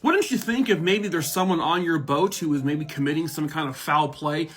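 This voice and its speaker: Brief: a male true crime vlogger with a slightly high voice, blunt and sarcastic, swearing freely. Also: moderate pace, a bit bright, breathy edge. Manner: blunt, sarcastic, profane ranting. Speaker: true crime content creator. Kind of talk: casual vlog commentary.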